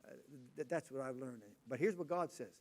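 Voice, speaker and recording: A man in his sixties preaching a sermon, telling loud, animated family stories. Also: mid-range voice, a little fast. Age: 60s.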